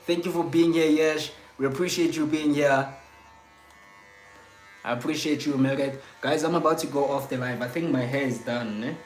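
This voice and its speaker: A man's voice: a little high, steady tone, moderate pace, reverberant. Chatty man hosting a livestream. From South Africa. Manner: reads viewer comments aloud, chatty and teasing. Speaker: livestream host. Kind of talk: casual livestream chat with viewers.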